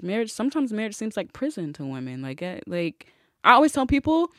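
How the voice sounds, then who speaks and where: A woman, a podcast guest, telling stories in casual chat with a dramatic, expressive manner, on a dry close mic. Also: mid-range voice, fairly quick, dry recording. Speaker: guest, dominatrix and sex educator.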